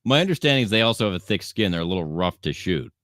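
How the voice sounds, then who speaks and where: A man co-hosting a podcast with dry, deadpan quips in casual banter. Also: sits low, very fast, no echo. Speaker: podcast co-host. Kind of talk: casual banter and mock newscaster reads.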